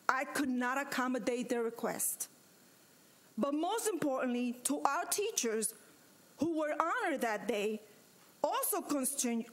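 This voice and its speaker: A woman serving as vice mayor, giving a firm, emphatic statement at a city commission meeting and repeating her points with pauses. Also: high voice. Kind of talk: formal statement at a public meeting.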